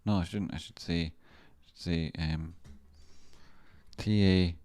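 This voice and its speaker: Low-voiced mumbling Scottish man. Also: steady tone, takes it slowly, darkish tone, dry recording. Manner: mumbling, muttering to himself while working. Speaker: livestreamer and stock chart analyst. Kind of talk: casual live-stream chatter.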